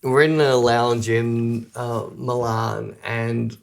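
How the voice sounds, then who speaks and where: A man's voice: mid-range voice, slow, vocal fry. Laughing man telling stories. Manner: animated anecdotes broken by laughter. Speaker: podcast co-host. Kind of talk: casual chat, storytelling.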